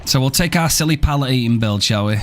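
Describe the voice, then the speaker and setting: A man's voice: medium pitch, fast, a little hiss or hum. A man live-streaming a game, chatting casually and playfully, joking and thanking viewers by name, with casual swearing.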